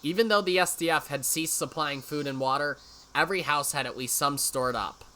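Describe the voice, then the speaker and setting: A man's voice: a little high, fairly quick, sharp tone, a little hiss or hum. A man hosting a let's play, reading a visual novel aloud and breaking in with wry, sarcastic asides.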